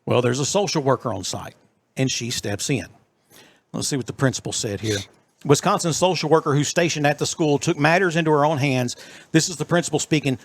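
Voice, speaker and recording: A fairly high-pitched man with a drawl spins a story for his co-host, jumping into the voices of everyone in it. His delivery is animated and chatty, a casual podcast storyteller. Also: brisk. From East Texas. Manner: animated storyteller acting out quotes.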